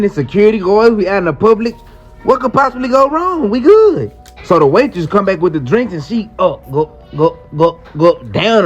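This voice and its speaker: A man casually telling a wild personal story in slangy speech, acting out the quoted lines. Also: high-pitched. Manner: animated, slangy, acts out quotes. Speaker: storyteller in a clip. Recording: muffled clip with faint music.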